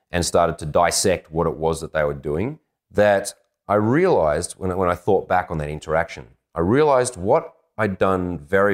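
A man with a very low voice tells a personal story as a dating coach. He is animated and self-deprecating, slipping into bits of acted-out dialogue. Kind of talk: anecdotal storytelling.

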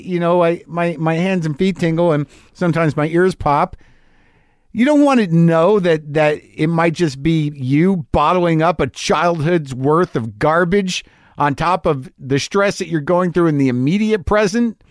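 A man talks through a confessional comedic monologue, rambling and poking fun at himself. His pitch sits a little high and swoops all over the place. The sound is dry and close with no room echo. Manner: rambling, self-deprecating, with many restarts.

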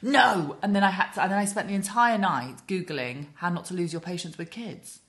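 A woman's voice: lowish voice, a little fast. A woman in her thirties co-hosting a podcast, telling stories animatedly and swearing as she goes. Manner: animated storyteller, swears, acts out quotes. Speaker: podcast co-host. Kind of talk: casual chat.

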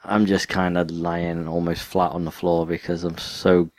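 A man's voice: sits low, little pitch movement, a little slow, darkish tone, no room sound. A young man with a northwest English accent from near Liverpool, co-hosting a podcast in rambling, self-mocking chat. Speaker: podcast co-host. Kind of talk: casual chat.

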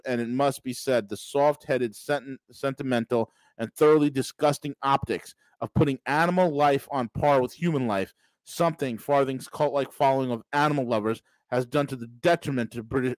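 A man's voice: medium pitch, darkish tone, no echo, low-quality recording. A man hosting a podcast, delivering a sarcastic, mocking political monologue with emphatic bursts. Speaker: podcast host.

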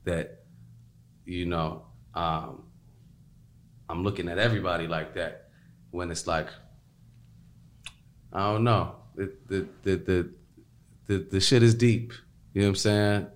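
A man's voice: low voice, steady tone, slow pace, long pauses. A man talking in a loose, rambling casual chat, full of fillers and repeats. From Chicago.

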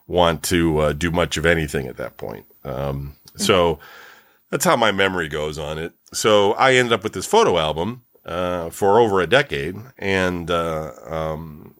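Very deep-voiced man, slow casual chat. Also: fairly bright tone, dry recording, clean studio sound. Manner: slow, rambling, with many fillers. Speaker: podcast co-host.

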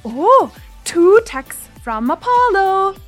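An eager, excitable young woman, put on by a woman narrator, high and bouncy, drawn out slowly. Faint music underneath.

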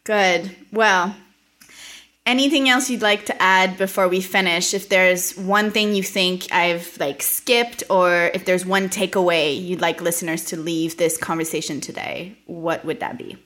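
A woman hosting a podcast who speaks softly and murmurs quiet agreement while her guest talks. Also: lowish voice, steady tone, a little slow. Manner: soft, gives quiet murmured backchannel. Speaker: podcast host. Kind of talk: conversational interview.

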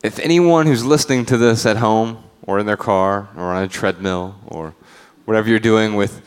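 A man's voice: lowish voice, moderate pace, clear, resonant tone. Upbeat man hosting a live podcast. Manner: upbeat, announcer-like segment hosting. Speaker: podcast co-host.

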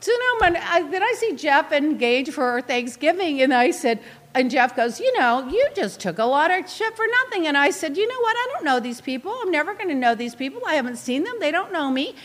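A woman in a casual chat, telling a story in an animated, indignant way with quick asides. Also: high voice. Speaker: guest recounting reality show events.

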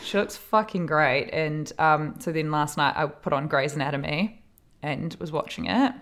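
A woman in her late twenties co-hosting a podcast, telling lively anecdotes and acting out what people said, swearing freely. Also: sits low, moderate pace. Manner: animated storyteller, acts out quotes, swears freely. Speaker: podcast co-host. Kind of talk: casual chat.

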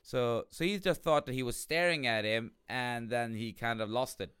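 A man's voice: medium pitch, moderate pace, a bit bright, smooth, no room sound, clean studio sound. A man co-hosting a casual podcast, joking and chipping in to retell a story. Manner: jokey, chips in to retell the story. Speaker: podcast co-host. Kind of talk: casual chat.

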